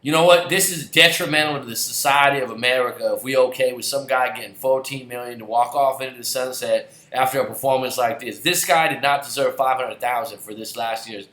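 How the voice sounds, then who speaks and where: A man's voice: mid-range voice, a little fast, few pauses, pushed and bright. Fired-up man ranting in an echoey room. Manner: heated, sarcastic, swears, repeats himself. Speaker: football fan ranting. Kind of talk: angry ranting vlog. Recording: roomy echoey recording.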